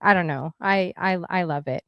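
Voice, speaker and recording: A woman's voice: fairly low pitch, normal speed, clean tone, dry recording, lo-fi sound. A woman from Canada hosting a casual chat, talking in a playful way and laughing often. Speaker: host.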